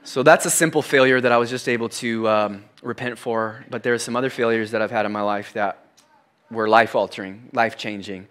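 A middle-aged man, probably a pastor, preaching a sermon, telling a personal story animatedly and dropping to hushed, confessional tones. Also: medium pitch, fairly even intonation, brisk.

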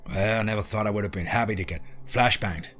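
A man's voice: fairly low pitch, fast talker, fairly bright tone, a little hiss or hum, natural voice. A man voicing a tough hunter in a fight, blunt and cursing, in a horror story.

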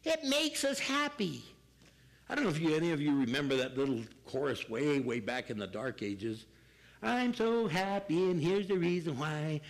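Older pastor with a gravelly, lively voice. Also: male voice, on the high side, poor audio. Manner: animated, acts out people in quick asides. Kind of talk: sermon.

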